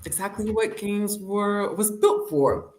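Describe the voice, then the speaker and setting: A woman's voice: medium pitch, slow pace, a little hiss or hum. A woman co-hosting a casual chat show, telling stories with lots of giggles. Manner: giggly, animated storytelling. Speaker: podcast co-host. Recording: roomy echo.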